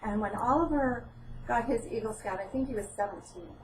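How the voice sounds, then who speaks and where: A woman's voice: a little high, fairly quick, a little mellow, distant mic, slight background noise, low-quality recording. A middle-aged woman giving an informal training talk, telling a personal story and acting out quoted dialogue. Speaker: presenter at a training session.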